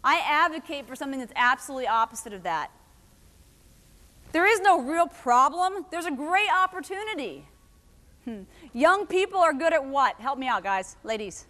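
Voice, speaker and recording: A woman giving a lively motivational talk to a live audience, telling stories and asking the crowd questions. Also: high voice, moderate pace. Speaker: keynote speaker. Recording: long hall reverb.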